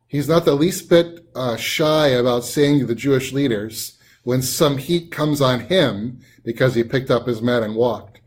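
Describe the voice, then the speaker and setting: Man, Bible study teacher, conversational, mid pitch, loose with fillers and restarts. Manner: relaxed, thinks aloud with frequent ums and restarts.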